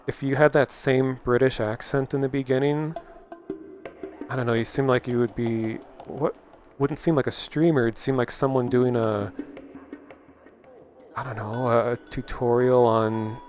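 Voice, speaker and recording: A man's voice: mid-range voice, flat delivery, normal speed, soft background music. A man with a Minnesotan accent, streaming and chatting casually in a thoughtful, rambling way with lots of restarts. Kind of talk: casual chat.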